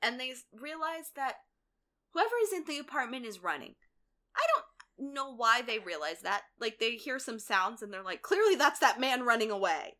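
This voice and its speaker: A woman co-hosting a casual podcast, retelling a TV episode and acting out the characters' lines, sometimes yelling and swearing. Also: a little high, expressive, normal speed. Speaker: podcast co-host recapping a TV episode. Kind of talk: casual chat.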